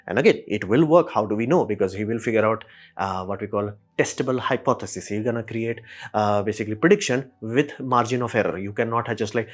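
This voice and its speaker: A man hosting a casual monologue, animated and slangy, often acting out quoted voices. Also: fairly low pitch, fast talker. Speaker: show host.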